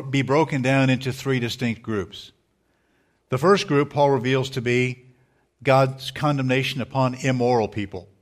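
A man, a pastor, preaching a sermon in a measured, earnest way, with small restarts as he speaks. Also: medium pitch.

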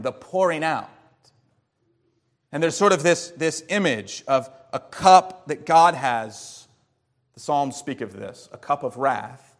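A man delivers a teaching sermon in a slightly higher-than-average voice. He walks listeners through the scripture, asks rhetorical questions, and presses harder or drops low and slow to make a point. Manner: varies loudness and pace for emphasis. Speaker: pastor. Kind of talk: expository sermon.

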